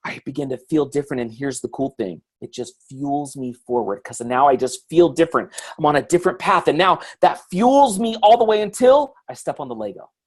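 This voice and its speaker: Husky-voiced enthusiastic motivational speaker, a man. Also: on the high side, lively intonation, brisk, few pauses. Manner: enthusiastic, repetitive, earnest. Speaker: author and guest speaker. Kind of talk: motivational talk.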